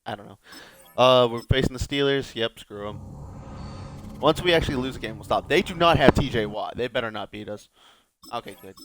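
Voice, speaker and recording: A man's voice: medium pitch, animated, a little fast, long pauses, noisy background. Man joking through gameplay commentary. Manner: joking, rambling self-talk. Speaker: gaming video host.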